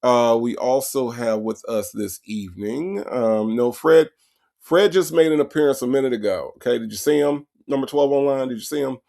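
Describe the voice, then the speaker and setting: A male livestream host reads viewers' names from the chat and greets each one with repeated hellos. His medium-pitched voice is creaky and dark in tone, at normal speed.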